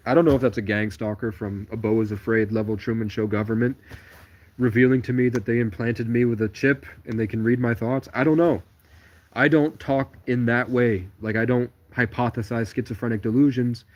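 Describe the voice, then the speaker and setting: A man's voice: mid-range voice, a little mellow. A man talking alone on a livestream, telling digressive stories in a stream-of-consciousness ramble. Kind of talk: rambling solo livestream monologue.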